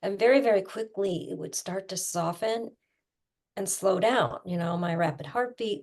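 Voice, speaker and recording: A middle-aged woman coach talking casually, explaining with everyday images and quick asides. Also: lowish voice, gravelly, darkish tone. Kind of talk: casual conversational teaching.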